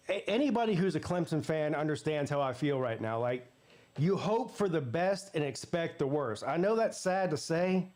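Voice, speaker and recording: A man's voice: a little high, a little mellow. A man hosting a live sports watch party, telling a story in a casual way, swearing freely and acting out the voices he quotes.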